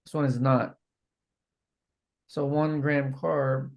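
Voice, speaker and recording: A man's voice: medium pitch, level tone, slow. A man mentoring a group over a video call, thinking aloud as he reads product labels.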